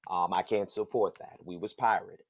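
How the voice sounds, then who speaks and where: A man hosting a podcast, telling a personal story in a casual, slangy, animated way and laughing along the way. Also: deep voice, normal speed, breathy edge. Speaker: podcast host.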